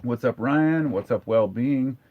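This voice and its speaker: A man's voice: medium pitch, measured pace. A man in his forties hosting a casual live stream, candid and blunt as he answers viewer comments. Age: 40s. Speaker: livestream host. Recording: dull lo-fi sound.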